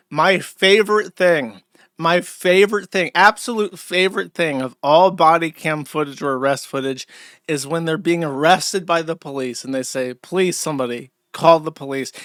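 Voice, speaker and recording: A host in a high, piercing register, his tone bright and edged. He reacts to clips with crude, excitable sarcasm, recorded close and dry with no room sound. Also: moderate pace, no echo. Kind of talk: mocking commentary on arrest footage.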